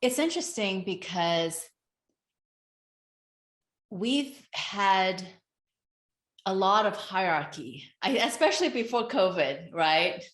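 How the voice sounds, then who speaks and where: A woman speaking as a guest on a talk show, slow, earnest and reflective as she shares advice. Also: medium pitch, lively intonation, a bit bright. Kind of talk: reflective self-help talk. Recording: roomy echo.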